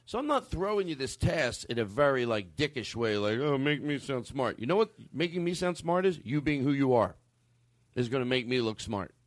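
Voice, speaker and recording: Animated laughing comedy host man. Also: a little fast, dry recording. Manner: swearing, laughing, big pitch swings. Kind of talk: rambling comedic banter.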